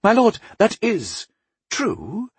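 A man's voice: high-pitched, huge pitch swings, slow, vocal fry, breathy edge, dry recording, voice pushed up, exaggerated voice. A man putting on a stubborn, formal abbess. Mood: flustered. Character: stern middle-aged female abbess, stubborn, formal. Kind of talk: audiobook character voice.

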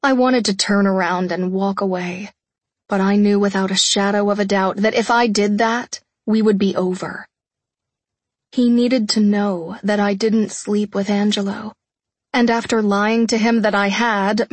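A young woman narrating a first-person romance audiobook in a soft, hushed, intimate voice, often close to a whisper. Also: medium pitch, husky, dry recording.

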